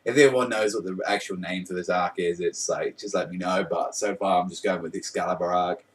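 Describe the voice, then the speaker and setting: A man's voice: low voice, fairly even intonation, brisk, distant mic. A young man casually reviewing a manga chapter, rambling and amused, with lots of fillers.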